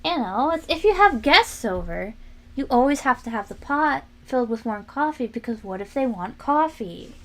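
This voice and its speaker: Young woman streamer, chatty and animated, slightly high voice with lots of pitch movement. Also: normal speed. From family from New England, lives in Florida. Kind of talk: casual chat while working on stream.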